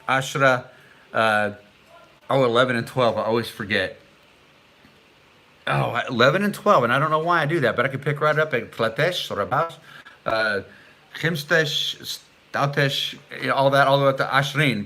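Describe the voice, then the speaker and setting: Bright-voiced middle-aged man chatting on a live stream. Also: mid-range voice. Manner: chatty, reads viewer comments aloud; sounds out foreign words haltingly. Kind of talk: casual live-stream chat.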